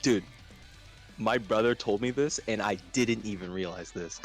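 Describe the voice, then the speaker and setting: A young man hosting a casual chat, telling stories with animated acted-out shouts and quotes. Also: lowish voice, moderate pace, faint music behind. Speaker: host.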